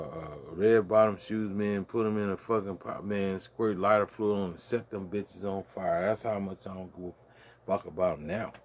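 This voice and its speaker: A man's voice: low voice, gravelly. A man in his fifties, grieving, rambling profanely through a late-night monologue with many restarts. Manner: profane, meandering, restarts often. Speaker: vlogger.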